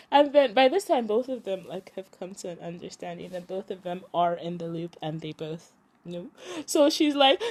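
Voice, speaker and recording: A lively young woman talks through a drama plot in a casual, chatty way. Her pitch swings widely as she slips into the characters' lines, breaking into laughter along the way. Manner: animated storyteller, acts out characters' lines, laughs a lot. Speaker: podcast host recapping a drama. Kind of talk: casual recap chat.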